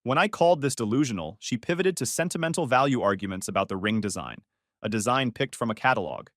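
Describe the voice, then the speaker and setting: A man's voice: mid-range voice, animated, quick pace, fairly bright tone, no room sound. A man narrating a first-person story in a dry, sarcastic manner.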